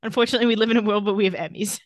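A woman's voice: medium pitch, dry recording, studio quality. A young woman co-hosting a casual podcast recap, chatty and sarcastic, laughing often. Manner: animated recap, breaks into quick impressions of characters. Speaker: podcast co-host recapping a TV episode. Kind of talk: casual chat.

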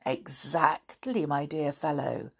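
A woman voicing a suave, scheming middle-aged male smuggler who talks softly and smoothly. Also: sits low, lively intonation, slow pace, exaggerated voice.

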